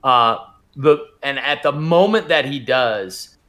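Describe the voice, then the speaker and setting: A man's voice: medium pitch, expressive, takes it slowly, a bit bright. A man narrating as game master of a tabletop game, describing scenes in a casual way with fillers.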